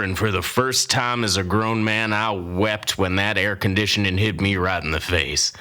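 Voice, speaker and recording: Old cowboy braggin' his tall tales, a guy doing the voice, folksy, kinda low and punchy. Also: bright, forceful tone. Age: older. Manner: folksy, boastful, rambling. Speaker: storyteller. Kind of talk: comic tall-tale narration.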